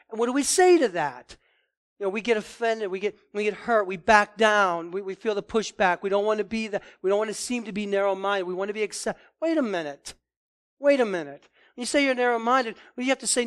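A man preaching a sermon, forceful and emphatic, often repeating and restarting words. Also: high voice, fairly quick. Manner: forceful, rising to emphatic declarations.

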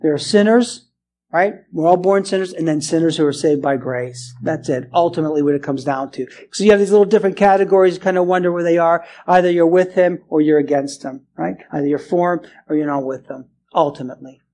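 A man preaching a sermon as pastor, animated, dropping to quiet earnest lows and climbing to raised, exclaiming passages, often restarting and repeating words. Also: fairly quick. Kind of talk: expository sermon.

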